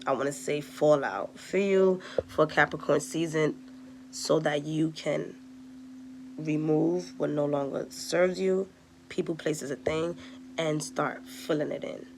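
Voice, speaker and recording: A woman's voice: deep voice, fairly even intonation, slow pace, gravelly, a little hiss or hum. A woman giving a casual tarot reading, chatty and direct, talking straight to her viewers. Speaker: tarot reader.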